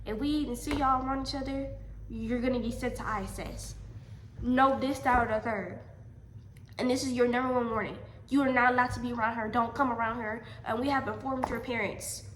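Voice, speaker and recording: A young woman quoting a stern male school counselor who gives firm, measured warnings. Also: on the high side, fairly even intonation, noisy background, natural voice. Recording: echoey room.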